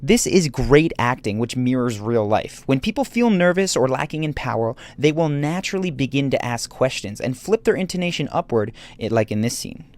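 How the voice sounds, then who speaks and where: A man doing scripted narration for a video essay, explaining points in a measured, analytical way. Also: mid-range voice, lively intonation, a little mellow.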